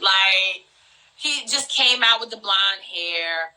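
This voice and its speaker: A woman's voice: medium pitch, lively intonation, slow pace, bright, forceful tone, rough recording. A woman co-hosting a casual reality TV chat, talking loosely with lots of "like" and "um" fillers. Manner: chatty, frequent "like" and "um" fillers. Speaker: podcast co-host.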